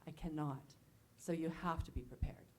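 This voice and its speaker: A woman casting director giving firm, measured advice to actors in a panel talk. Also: low voice, a little mellow, slight background noise.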